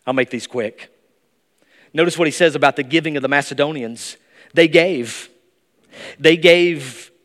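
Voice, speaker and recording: Male pastor, sermon delivery, fairly high voice, long church-hall reverb. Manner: emphatic, rises to high excited bursts. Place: church sanctuary.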